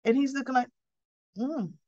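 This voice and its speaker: A woman with a fairly high voice retells soap opera scenes in a casual, chatty way. She acts out the characters' lines as she goes. The recording sounds dull and lo-fi. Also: unhurried. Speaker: soap opera recap host.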